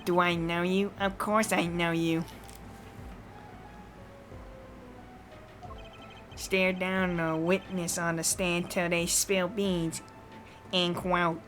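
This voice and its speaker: A woman's voice: on the low side, little pitch movement, takes it slowly, soft background music. A woman streamer voicing a nerdy, pushy young male reporter from a game, in a drawling, teasing way. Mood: smug. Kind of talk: live game playthrough voice acting.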